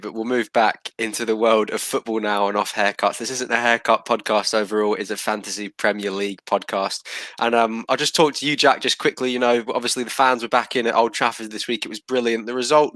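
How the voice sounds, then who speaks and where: A man hosts a podcast in a low voice that barely rises or falls. He sounds laid-back and matey, recorded close and dry. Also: a bit bright, no echo. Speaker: podcast host. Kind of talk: casual podcast hosting.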